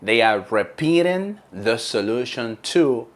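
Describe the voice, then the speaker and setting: A man's voice: mid-range voice, lively intonation, a little slow. A man who trains call center agents, giving an emphatic coaching lesson and repeating key points.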